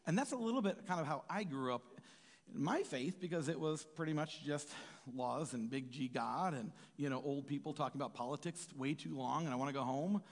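High-voiced man preaching in a hall. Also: fairly quick. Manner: rambling, conversational, keeps asking "right?". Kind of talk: informal sermon. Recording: reverberant hall with soft music.

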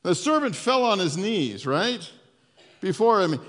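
A man preaching a sermon as pastor. He retells the story conversationally, with lively asides to the congregation. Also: high-pitched, unhurried. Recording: long hall reverb.

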